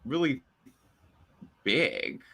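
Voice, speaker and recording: A man's voice: mid-range voice, husky. A man hosting a casual podcast chat, joking and emphatic. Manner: animated, jokey, drawn-out emphasis. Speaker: podcast host.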